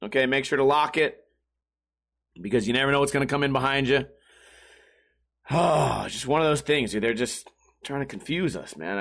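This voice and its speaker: A man telling a funny, profane story in a casual, animated rant. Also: fairly high pitch.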